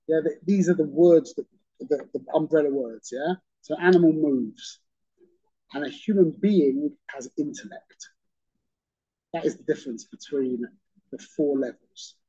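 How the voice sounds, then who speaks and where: A man's voice: a little high, warm tone, breathy edge, dull audio. A man teaching a religious class in a conversational way, often checking in with "okay?" and repeating phrases for emphasis. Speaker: Torah teacher.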